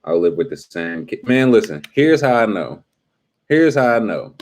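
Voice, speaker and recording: A man's voice: on the low side, big pitch swings, normal speed, darkish tone. A young adult man hosting a casual live stream, teasing and talking straight to his chat in slangy speech.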